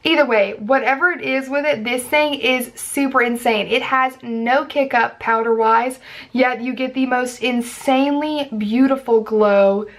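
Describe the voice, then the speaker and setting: A woman's voice: high-pitched, steady tone, a little slow. Gushing young woman with a twang. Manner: gushing, chatty, lots of fillers. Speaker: beauty vlogger. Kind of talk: casual product review.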